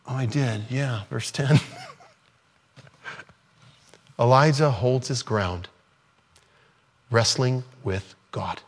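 A man's voice: mid-range voice, very slow, long pauses, slightly rough. Earnest conversational male preacher. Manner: acts out scripture dialogue in different voices. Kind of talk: sermon.

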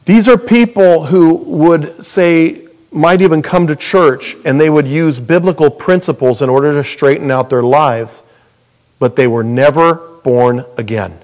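A middle-aged man preaching a sermon as pastor, animated and jokey, with sudden loud high bursts. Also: a little slow.

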